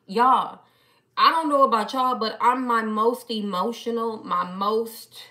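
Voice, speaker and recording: A woman chatting casually on a live stream, playful and animated as she talks back to her viewers. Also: on the high side, slow. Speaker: live-stream host reading viewer comments.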